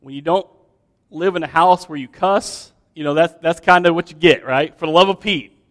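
A man with a high voice preaches in a church, his words trailing off into a long hall reverb. He talks casually and animatedly, addressing the congregation with frequent restarts and asides. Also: normal speed. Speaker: pastor. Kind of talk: sermon.

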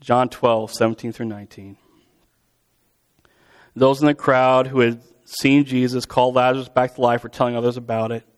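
A man's voice: mid-range voice, level tone, moderate pace, clear, resonant tone. A man preaching in a conversational, storytelling way, acting out quotes with vivid voices. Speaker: pastor. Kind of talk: sermon.

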